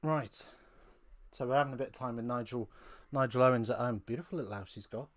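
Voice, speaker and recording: A man's voice: medium pitch, quick pace, no room sound. A man hosting a live rugby watch-along from home, chatting casually with rambling, wry asides.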